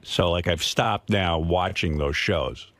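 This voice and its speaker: A man hosting a radio show, chatting casually and telling animated, profane stories, sometimes mimicking people he quotes. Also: deep voice, takes it slowly, dry recording. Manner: animated storyteller, swears freely, mimics others in quotes. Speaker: radio host. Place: radio studio. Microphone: close studio microphone.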